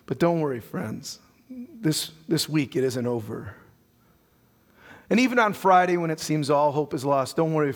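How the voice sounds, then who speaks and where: A male pastor preaching a sermon with animated storytelling and frequent restarts. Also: medium pitch. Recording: long reverb of a church hall.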